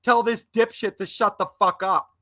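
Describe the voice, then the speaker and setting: A man arguing heatedly on a livestream, insulting an opponent with loud bursts. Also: high voice, fairly even intonation, moderate pace, no echo. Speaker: livestream debate panelist.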